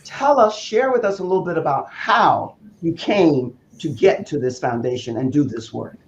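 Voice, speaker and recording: A man's voice: fairly high pitch, expressive, normal speed. A man hosting an interview, encouraging and emphatic as he steers his guest with questions. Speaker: talk show host. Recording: roomy, dull sound with faint noise.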